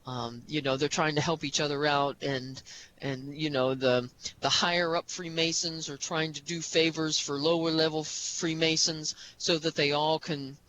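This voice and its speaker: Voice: medium pitch, fairly even intonation, moderate pace, a bit bright, low-quality recording. A podcast co-host talking casually about history, rambling with many restarts and "you know"s.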